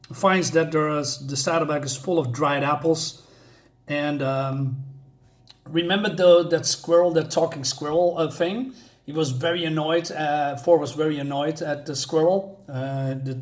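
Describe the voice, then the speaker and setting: A man's voice: fairly high pitch, unhurried. A man casually reviewing a comic book for his channel, rambling with many filler words and restarts.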